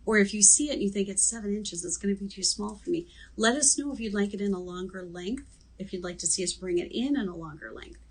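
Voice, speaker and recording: A woman's voice: mid-range voice, quick pace, husky, poor audio. A middle-aged woman hosting a live online jewelry sales show, chatty and joking as she describes each piece in detail.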